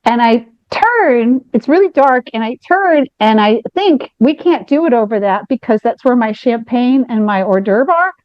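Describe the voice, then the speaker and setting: A woman with a fairly high voice tells a long personal story on a podcast, animated and rambling, often restarting her sentences. The sound is dry and a little dull, like a lo-fi home recording. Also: moderate pace, few pauses, dry recording. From United States. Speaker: podcast co-host. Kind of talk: candid storytelling chat.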